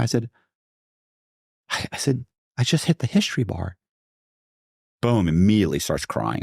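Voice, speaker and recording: A man's voice: deep voice, normal speed, vocal fry, pauses often, darkish tone, dry recording, clean studio sound. A middle-aged American man, a podcast guest, telling a long story in a rambling way with many restarts and asides. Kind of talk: casual storytelling.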